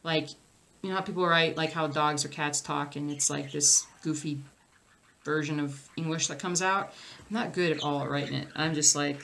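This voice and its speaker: A woman's voice: low-pitched, fairly even intonation, moderate pace, creaky, a bit bright, slight background noise. Chatty woman reading viewer comments. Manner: chatty, rambling, answers viewer comments with fillers. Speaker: cross stitch vlogger. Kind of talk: casual livestream chat reading comments.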